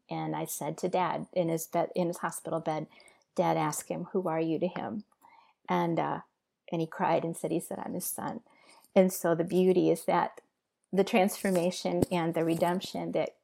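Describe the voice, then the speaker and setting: A middle-aged woman sharing an emotional personal testimony in an earnest, halting way with many pauses and fillers. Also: lowish voice, creaky, a little mellow. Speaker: guest sharing her testimony.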